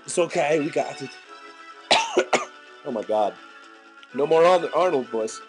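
A man with a sick, hoarse voice, making crude jokes as he talks over a video game. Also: a little high, a little slow, over loud music. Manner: joking, crude and excitable. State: hoarse from illness. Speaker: let's player. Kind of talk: casual gameplay commentary. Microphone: desk microphone.

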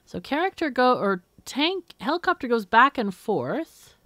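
A woman hosting a let's play, talking slowly, with a voice that swings widely as she works through a puzzle game. She mutters and exclaims as she thinks aloud, and the voice is close and dry. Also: on the high side, sing-song, fairly bright tone, dry recording. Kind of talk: thinking aloud while gaming.

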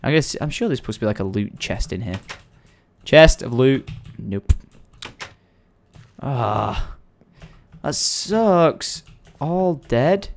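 A man's voice: mid-range voice, very animated, moderate pace. Playful young man, gaming commentary. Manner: playful, theatrical outbursts and mock singing. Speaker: gaming video host. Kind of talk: Minecraft let's play commentary.

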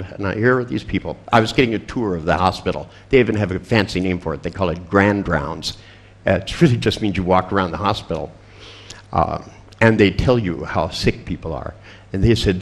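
An older man telling a crude, funny story to a seminar audience. He laughs often and acts out the other people's lines. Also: deep voice. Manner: profane, laughing storyteller acting out dialogue. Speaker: seminar speaker.

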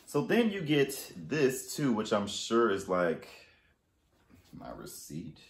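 Man, very deep voice, gravelly, casual haul-video chat, loud outbursts then mumbled asides, echoey room. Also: takes it slowly, slight background noise. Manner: animated, swinging between loud exclamations and muttered asides. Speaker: fashion haul vlogger. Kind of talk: casual storytime and unboxing.

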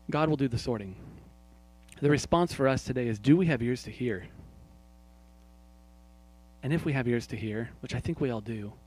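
A male pastor delivering a sermon at a mid-range pitch. He drops his voice low and soft when he voices a prayer, then rises to loud, emphatic questions aimed at the congregation. He talks directly to the people in front of him. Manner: swings from quiet, hushed prayer lines to loud emphatic points; asks the congregation questions and speaks to people by name.

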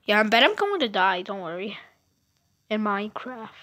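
A woman casually narrating her own video game play, chatty and excitable, rambling with lots of fillers, recorded at home. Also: medium pitch, normal speed, a little hiss or hum. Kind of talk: casual gameplay commentary.

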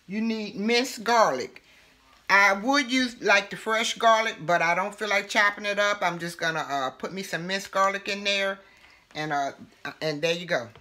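A woman's voice: medium pitch, sharp tone. A woman from Alabama with a Southern accent, hosting a homey, chatty cooking demonstration. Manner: homey, chatty, drawn-out words. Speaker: cooking show host.

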